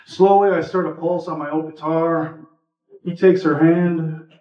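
A man at a live reading, reading a personal story aloud in a relaxed, conversational way. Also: fairly high pitch, a little slow. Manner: relaxed, conversational, a few fillers between parts. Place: indoor reading event. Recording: echoey room, from far off, muffled.

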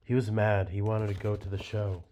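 A man reading the lines of a quiet, patient wife and mother in a novel. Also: fairly low pitch, normal speed, slight background noise, close to an everyday voice. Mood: calm. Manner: quiet, calm, gently reproachful. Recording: dull lo-fi recording.

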